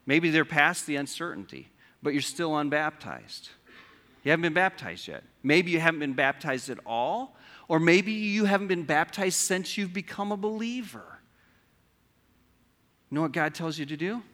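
A man's voice: a little high, lively intonation, moderate pace, bright, forceful tone. A man preaching a sermon as pastor, conversational, asking his listeners rhetorical questions. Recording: long hall reverb.

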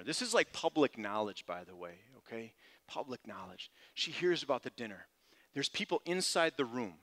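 A man preaching a sermon, retelling a scripture scene with animated storytelling, swinging between loud climaxes and quiet murmurs, often checking in with "all right?". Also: mid-range voice. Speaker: pastor.

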